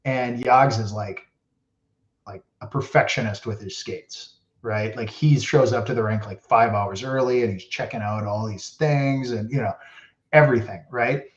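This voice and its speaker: A man's voice: medium pitch, normal speed. A man who is a guest on a podcast, telling hockey stories in a loose, rambling way and saying "like" constantly. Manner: rambling, heavy use of "like". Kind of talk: casual storytelling. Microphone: podcast mic. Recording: roomy, dull lo-fi podcast audio.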